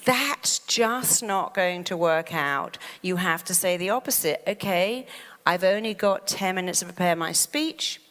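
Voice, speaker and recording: Woman doing a motivational talk, lowish voice, lots of hall echo, acts out worried voices. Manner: animated, acts out quoted worries in a fast fretful voice. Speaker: therapist and speaker. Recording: long hall reverb.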